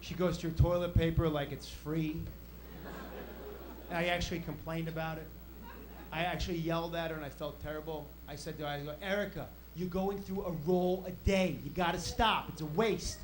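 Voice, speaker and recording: A man, doing an exasperated stand-up rant that builds to loud punchlines. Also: on the high side, steady tone, normal speed, noisy background. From New York. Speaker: stand-up comedian. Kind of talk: stand-up routine.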